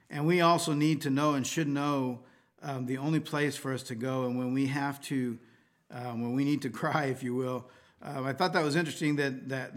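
A man reading scripture aloud, then explaining it in a casual, hesitant way with many fillers and restarts. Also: mid-range voice. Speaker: Bible teacher. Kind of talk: scripture reading and devotional commentary.

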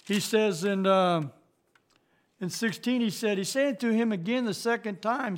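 Middle-aged male Bible teacher, high-pitched voice, plain-spoken and halting, slows for scripture. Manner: reads scripture slowly, rising louder on key verses.

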